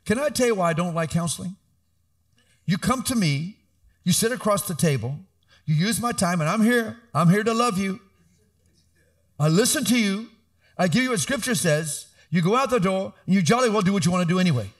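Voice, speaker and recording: Middle-aged male pastor, animated sermon delivery, slightly high voice with lively swings. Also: fairly quick. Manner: animated preaching, rising to emphatic calls.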